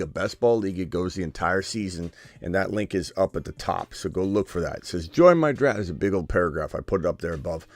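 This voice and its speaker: A man hosting a live stream, joking and excitable as he talks through his picks, sometimes dropping to a hushed whisper. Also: deep voice, no echo. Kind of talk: casual live-stream commentary.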